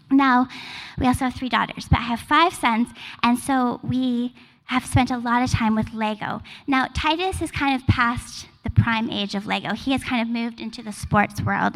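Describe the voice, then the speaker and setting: A woman pastor in her forties preaches in a relaxed, chatty way, filling her sentences with casual asides. Her voice sits fairly high with a gravelly fry. It rings out with the long reverb of a church hall. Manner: casual, chatty, filler-heavy. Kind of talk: sermon.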